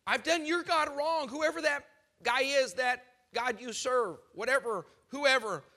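A whiny, insincere pharaoh as a preacher puts him on begs in a high, stretched-out voice. The tone is very bright and piercing, and he pitches it well above his own speaking voice. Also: full character voice. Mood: pleading. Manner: high, drawn-out pleading. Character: whiny, insincere pharaoh pleading for relief, grown man.

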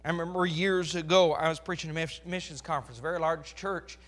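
A pastor in his forties preaching a sermon with a crackly, strained voice, animated and rising to loud emphasis. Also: fairly high pitch, quick pace. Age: 40s.

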